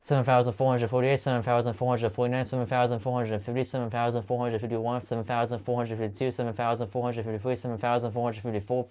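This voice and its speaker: Dude counting numbers super fast, stumbles a lot, clean smooth voice. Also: male voice, medium pitch. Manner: rapid steady counting with frequent stumbles and restarts. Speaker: channel host counting aloud. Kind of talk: long monotone counting video.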